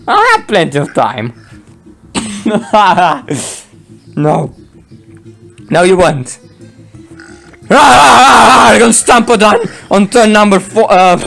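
A man giving playful, excitable game commentary, laughing often and throwing in mock roars while he voices both sides of a match. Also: sits high, vocal fry. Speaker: gameplay commentator.

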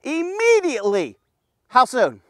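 A man giving a casual, energetic men's devotional, talking to the listener in punchy bursts and often checking in with "okay?". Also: extremely high pitch, unhurried, a little hiss or hum. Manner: punchy, keeps asking "okay?", bursts of loud exclamations. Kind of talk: casual energetic Bible teaching.

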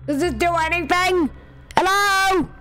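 A woman doing let's-play game commentary in an excitable, loud way, jumping between shouting and muttering. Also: high voice, slow pace. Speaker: gamer.

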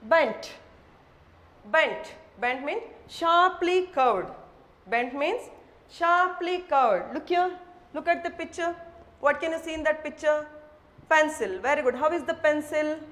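A woman with an Indian English accent teaches young children at a deliberately slow pace. She spells out each word letter by letter and says every line twice. Her voice sits high. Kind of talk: slow classroom vocabulary lesson for children.

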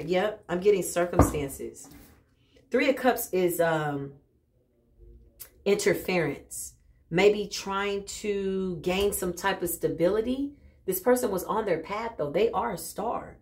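A woman doing a casual spiritual tarot reading, animated and exclaiming often, with frequent laughs. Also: mid-range voice, slow pace, a little hiss or hum. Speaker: tarot reader.

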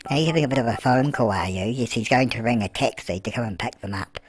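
Fast and mid-range, a man's voice plays a cheeky, gossipy grandmother narrating a life-sim game. His comic commentary comes with background music, frequent uses of "love," and questions he answers himself.

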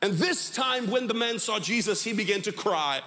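A male preacher tells a parable with high, lively pitch and big swings. He tells it dramatically and teases his audience to play along. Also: in a large hall. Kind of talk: sermon storytelling.

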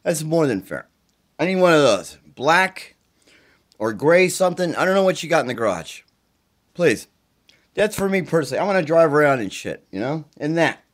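Middle-aged man, flu-tired, agitated and profane, pitched a touch high, pleading to camera. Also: big pitch swings, moderate pace. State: sick with the flu, congested and tired. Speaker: self-recording video poster. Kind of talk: rambling direct-to-camera plea. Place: indoors at his mother's home.

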